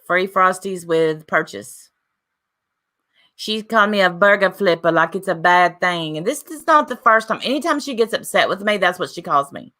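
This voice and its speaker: Woman livestream host, bright voice, rambling and defensive, casual chat. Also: fairly low pitch, expressive, normal speed.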